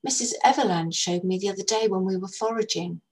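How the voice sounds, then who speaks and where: A woman voicing a quiet, matter-of-fact schoolgirl. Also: mid-range voice, brisk, husky. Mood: calm. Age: child.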